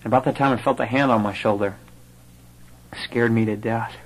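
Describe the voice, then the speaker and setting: A man at a mid pitch tells a personal story to a live audience. He speaks in a conversational way with the odd filler. He brings the story to life by acting out the voices of the people in it. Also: a little fast, rough recording. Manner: animated storyteller who acts out quoted voices.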